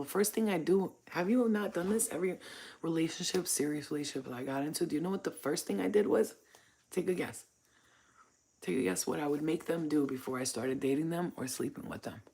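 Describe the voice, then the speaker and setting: A woman's voice: low voice, fairly quick, dark tone, slight background noise. Blunt, profane woman vlogger. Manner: blunt, profane, frank storytelling. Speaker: channel host. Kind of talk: casual monologue to camera.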